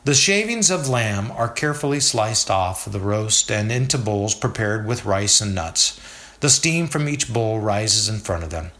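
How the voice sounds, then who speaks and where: A man reading a scripted story as narrator, with descriptive, measured storytelling. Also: fairly low pitch, animated, a bit bright.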